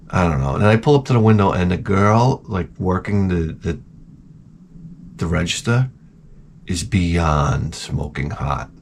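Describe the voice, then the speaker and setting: A man's voice: low voice, expressive, unhurried, darkish tone, slight background noise. A man hosting a show, rambling through crude comedic chat and trailing off into mumbled asides. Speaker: show host.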